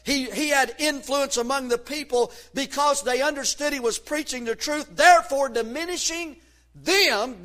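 A man preaching a sermon from the pulpit, fervent and emphatic, rising to shouts on key points. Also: extremely high pitch. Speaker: pastor.

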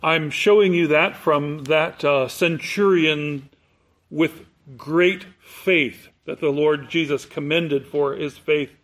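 A man preaching a sermon, explaining scripture word by word in a deliberate, emphatic teaching manner. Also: a little high, steady tone, a bit bright. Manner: slow, deliberate, explanatory, stresses key words.

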